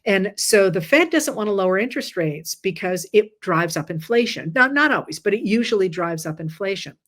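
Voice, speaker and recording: A tired woman hosting a casual chat and explaining things step by step in a conversational way. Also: on the low side. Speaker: host.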